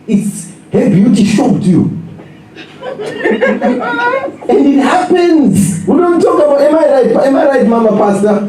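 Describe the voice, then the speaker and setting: A man preaching a lively sermon at a men's conference, joking, laughing often and acting out quotes. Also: very high voice, takes it slowly, pauses often, a crowd in the background. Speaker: pastor. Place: large church hall. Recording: echoey hall recording from far off, with audience.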